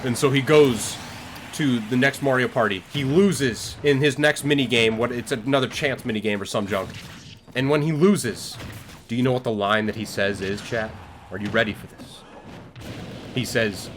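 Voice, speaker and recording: A man's voice: medium pitch, moderate pace, fairly bright tone. Young man, streamer, improvised storytelling, rambling, playful, talks to chat, faint background noise.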